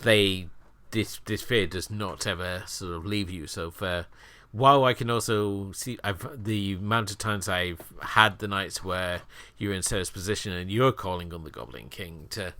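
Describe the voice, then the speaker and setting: A man co-hosts a casual podcast, talking in a measured, reflective way. His voice is lowish but forceful and bright in tone. The recording is close and dry. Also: no room sound. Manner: measured, thoughtful, speaks as a parent. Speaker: podcast co-host. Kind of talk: casual film discussion.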